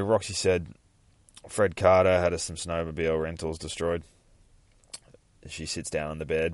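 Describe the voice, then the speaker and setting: A man with a very low voice hosts a podcast, walking through a comic book in a loose, casual way. He rambles, swears freely and laughs as he goes. The recording is dry and close, with no room sound. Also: little pitch movement, measured pace, long pauses, clean tone, dry recording. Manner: rambling and profane, laughing often. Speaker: podcast host.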